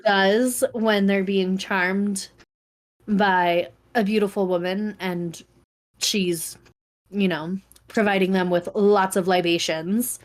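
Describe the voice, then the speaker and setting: Slow, dry-spoken woman podcast host. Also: medium pitch, fairly even intonation. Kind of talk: casual chat.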